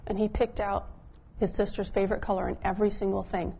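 A woman pastor telling a story in a conversational sermon, dropping her voice softer when she quotes people. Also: medium pitch, level tone, quick pace, vocal fry, slightly rough. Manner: conversational, drops softer when quoting others.

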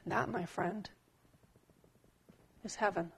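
A calm, wise monk speaks in a hushed, deliberate way, as a woman preacher puts him on. The voice is unhurried and a little gravelly, and the tone is solemn. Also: mid-range voice, a little hiss or hum.

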